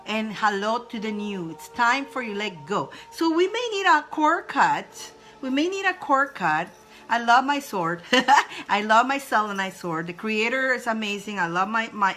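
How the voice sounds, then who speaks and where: A woman's voice: mid-range voice, big pitch swings, a little slow, sharp tone, soft background music. A woman hosting live spiritual readings for viewers, emotional and effusive, often laughing and speaking straight to her audience. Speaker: spiritual reader, live-stream host.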